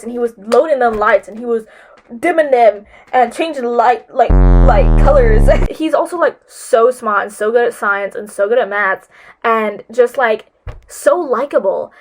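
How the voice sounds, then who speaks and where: A woman's voice: on the high side, slight background noise. A teenage girl vlogging advice to her viewers, gushing and rambling with lots of filler words, emotional and close to tears. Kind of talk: casual advice vlog.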